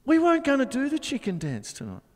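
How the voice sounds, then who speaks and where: A man's voice: very high voice, huge pitch swings, fast talker, big-room sound, noisy background. A middle-aged man hosting a live drum show, chatting in a rambling way and scatting drum rhythms. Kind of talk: casual live-stream chat and drum demonstration.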